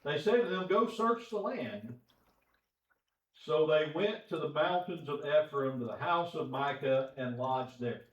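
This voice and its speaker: A man with a fairly high voice teaches scripture in a relaxed, folksy way, chuckling now and then. He is recorded from a distance in a reverberant church auditorium, and the sound is a little dull. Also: moderate pace, hardly any pauses. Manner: folksy, conversational, chuckles often. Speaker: preacher. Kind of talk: Bible class teaching. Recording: echoey church room, distant dull mic.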